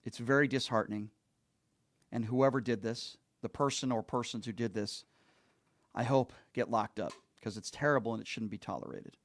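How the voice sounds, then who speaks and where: An earnest man hosting a call-in talk show. He pushes his points hard and circles back to repeat them for emphasis, in a voice of ordinary middle pitch. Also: steady tone, moderate pace.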